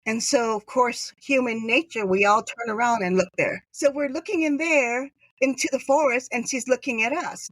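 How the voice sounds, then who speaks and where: A woman's voice: a little high, normal speed, a bit bright, no echo. Chatty woman telling a story, dry sound. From Hawaii. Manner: chatty, acts out quoted dialogue. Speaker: podcast guest. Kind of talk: casual interview storytelling.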